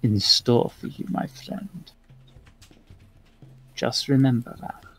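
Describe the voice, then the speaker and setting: A man voicing a kindly old male dragon god in disguise, who speaks with quiet, calm reassurance. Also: mid-range voice, slow pace, slightly rough, rough recording. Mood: reassuring.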